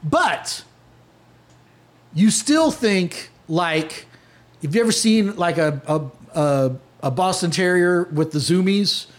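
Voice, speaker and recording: A man's voice: high voice, animated, slow. A man narrating as game master of a tabletop game, casual and chatty, with many fillers and laughs.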